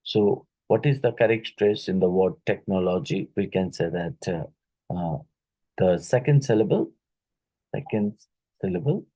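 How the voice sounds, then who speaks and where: A man teaching an exam-prep lesson, reading each question twice and pausing with fillers and "right?" tag questions. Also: sits low, dark tone, breathy edge, rough recording. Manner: halting, with many fillers and "right?" tags; repeats each question aloud.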